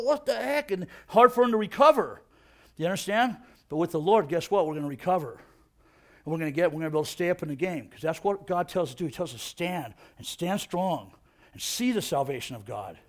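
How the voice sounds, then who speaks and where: Guy preaching a laid back sermon, pretty high voice, middle aged, asks you know what a lot. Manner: energetic, says "man" constantly, asks "you know what?". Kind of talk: casual sermon.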